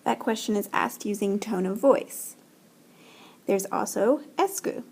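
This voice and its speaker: A woman teacher recording a voice-over French lesson, explaining in English slowly and carefully and modelling French phrases aloud. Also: mid-range voice, vocal fry, darkish tone, slightly rough. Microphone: screen-recording voice-over.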